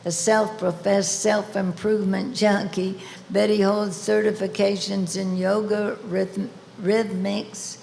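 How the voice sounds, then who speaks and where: A woman presenting an award at a ceremony, reading a deliberate introduction with playful asides. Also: medium pitch, fairly even intonation, vocal fry, darkish tone, slight background noise. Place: large event hall. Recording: echoey hall with faint ambience.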